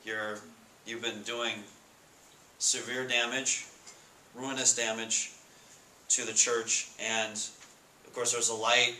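A man giving a casual sermon to students, asking the room questions and reading scripture slowly. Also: medium pitch, little pitch movement, sharp tone. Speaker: Bible study speaker. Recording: echoey room with faint noise.

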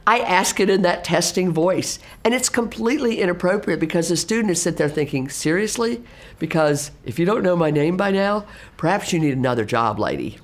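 A middle-aged woman, an assistive technology specialist, explaining teaching practice in a lively way and acting out classroom exchanges. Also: fairly low pitch. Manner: animated, acts out classroom exchanges in exaggerated teacher voices.

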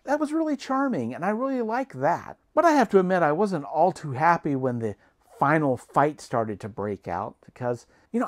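A man vlogging an opinionated TV review monologue, earnest and emphatic, reasoning point by point. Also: fairly high pitch.

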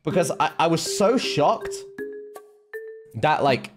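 Streaming with music behind him, a young man with a fairly high voice takes his time over a casual story. He's animated, swears a lot, and keeps restarting and dropping in fillers.

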